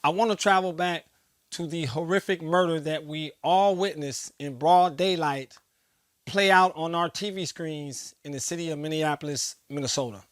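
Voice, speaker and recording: A man's voice: on the high side, moderate pace, a bit bright, no room sound, clean studio sound. A man hosting his own show, speaking straight to the viewer in an impassioned monologue with emphatic, preacher-like repetition. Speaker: host.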